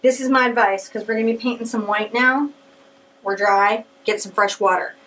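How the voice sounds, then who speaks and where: A woman teaching a paint-along painting lesson, chatting and telling lively stories with playful asides as she works. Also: a little high, normal speed, far from the mic. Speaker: painting instructor. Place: home art studio.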